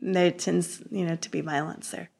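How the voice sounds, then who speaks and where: A woman as an interview guest, telling her story in an animated, conversational way with frequent laughter, fillers and restarts. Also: lowish voice, moderate pace, vocal fry, husky. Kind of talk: conversational personal testimony.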